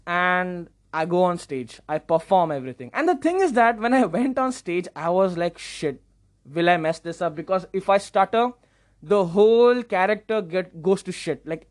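Young male podcast host, casual animated storyteller, self-mocking, repeats words when excited. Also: high voice.

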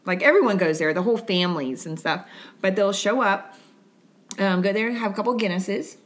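A woman's voice: medium pitch, brisk. Woman, middle-aged, from Florida, casual co-host, rambling, laughs often. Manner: chatty, laughs often, rambling fun facts. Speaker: podcast co-host. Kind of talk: casual chat.

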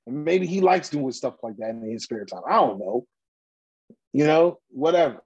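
A man's voice: medium pitch, animated, moderate pace, darkish tone, husky, lo-fi sound. A man hosting a casual podcast chat, ranting bluntly and heatedly in slang with many restarts. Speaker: podcast host.

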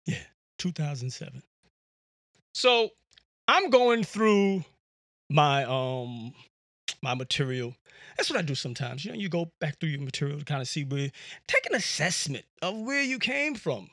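A male podcast host tells a rambling story in a casual, slangy way, often repeating himself mid-sentence. His voice sits high and swings widely in pitch, with a bright, forward tone. The sound is close and dry. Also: no echo. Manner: animated, slangy, repeats words.

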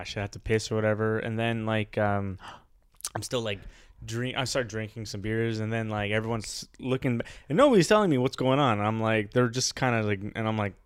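A man's voice: medium pitch, clear, resonant tone, dry recording, studio quality. A young man co-hosting a podcast, telling a story in a rambling, profane way with lots of fillers and laughs. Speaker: podcast co-host. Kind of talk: casual chat, storytelling.

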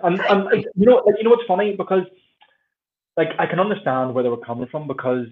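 A man in his thirties with a Northern Irish accent, a podcast guest telling stories in a lively way and acting out the voices of people he quotes. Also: sits high, fast, a little hiss or hum. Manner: animated storyteller who acts out quoted voices. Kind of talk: casual conversation. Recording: tinny phone-like sound.

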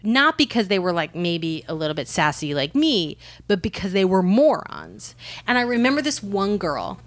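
A woman's voice: medium pitch, very animated, normal speed, dry recording. A woman telling candid, profane stories in casual podcast chat, packed with "like" fillers. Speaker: storyteller on a podcast panel.

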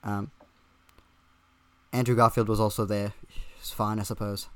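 A man's voice: fairly low pitch, level tone, measured pace, no room sound. A young man hosting a podcast in casual chat, teasing his guests in a playful way. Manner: teasing, playful, fillers and restarts. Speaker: podcast host.

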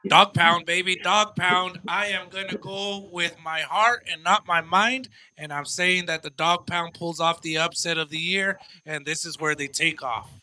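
A tired man guesting on a podcast, chatting excitably and playfully about games. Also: sits high, a little slow, few pauses. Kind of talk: casual sports picks chat.

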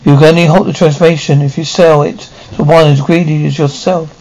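A man's voice: fairly high pitch, fairly even intonation, fairly quick, a little mellow, rough recording. A man reading the part of an ancient snake god of the dead, coaxing and commanding.

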